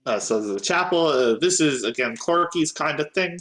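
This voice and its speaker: A man's voice: on the high side, lively intonation, moderate pace, a bit bright. A man narrating a tabletop game as game master, hesitant and full of filler sounds.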